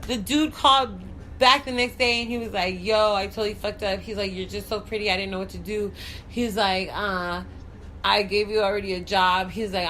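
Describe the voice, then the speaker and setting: Bright, bubbly woman talk-show host. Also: medium pitch, steady tone, moderate pace, a little hiss or hum. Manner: bubbly, chatty storyteller; frank and profane. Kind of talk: casual chat.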